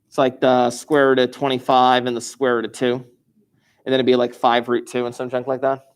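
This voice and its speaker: A middle-aged male math teacher recording a lesson, talking students through each step in a playful, animated way. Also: medium pitch, brisk, clean tone.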